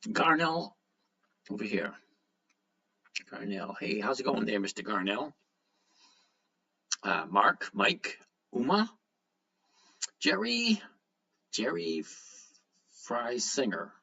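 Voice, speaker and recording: Male livestream host, casual and lively, reads out chat, dull low-fi sound. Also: slow pace, creaky, pauses often. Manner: chatty, greets viewers by name, reads comments aloud. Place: at home.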